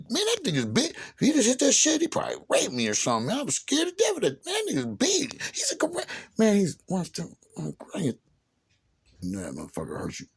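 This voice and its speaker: A man's voice: high voice, gravelly, breathy edge. A man telling a personal story in a casual, slangy and profane way, acting out what other people said. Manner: streetwise, slangy and profane, acts out others' lines.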